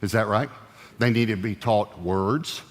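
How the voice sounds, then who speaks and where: A man preaching a sermon as a pastor, animated and joking as he tells stories. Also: on the low side, unhurried. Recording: echoey hall reverb.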